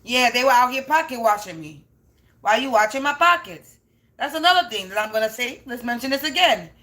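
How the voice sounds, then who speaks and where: A woman with a fairly high, expressive voice speaks quickly in a bright, forceful tone. She's a spiritual reader addressing the camera in an unscripted, profane rant, hammering her points home by repeating them.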